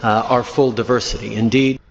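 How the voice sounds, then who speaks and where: A male politician answering a press question in a halting way, with many filler sounds. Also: medium pitch, little pitch movement, a little hiss or hum. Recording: archival clip, reverberant hall, dull audio, faint ambience.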